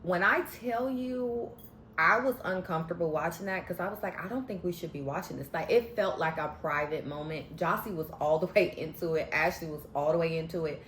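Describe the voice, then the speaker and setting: A woman's voice: fairly low pitch, normal speed, fairly bright tone, a little hiss or hum. A woman recapping a reality show in a casual, sassy, slangy way, giving candid opinions. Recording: echoey room.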